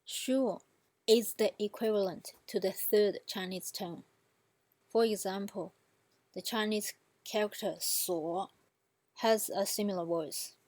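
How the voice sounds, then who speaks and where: A woman's voice: medium pitch, steady tone, a little slow, darkish tone, dry recording. A woman language teacher giving a patient instructional explanation and demonstrating example words.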